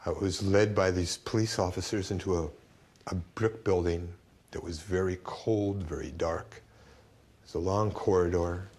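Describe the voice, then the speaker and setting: Older man, deep voice, tells the story like it's happening now. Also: fairly even intonation, unhurried. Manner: vivid present-tense storytelling, soft quoted voices. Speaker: interviewee. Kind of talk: documentary interview recollection.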